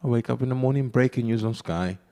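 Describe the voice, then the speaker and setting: A man, a boxer being interviewed, joking and telling animated stories with frequent laughter. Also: mid-range voice, fast. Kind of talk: casual interview banter.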